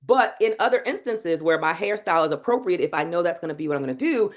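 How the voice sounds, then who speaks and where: A woman teaching a live online masterclass on public speaking, in an energetic, demonstrative way. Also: fairly low pitch, fast talker. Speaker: speaking coach. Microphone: video call.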